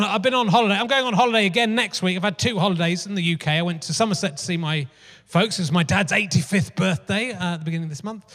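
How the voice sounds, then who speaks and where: Performing live on a theatre stage, a man in his fifties hosts a comedy podcast as a stand-up style monologue, rambling through anecdotes with plenty of swearing and chatter. His voice sits high with a fairly bright tone, and the hall adds reverb.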